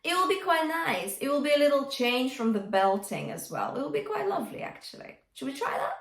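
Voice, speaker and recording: A woman's voice: high-pitched, very animated, fairly quick, fairly bright tone, reverberant, distant mic. A woman coaching a singing lesson, explaining technique and singing lines to show it, encouraging her students with a coaxing "yeah?". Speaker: vocal coach. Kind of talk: singing lesson with sung demonstrations.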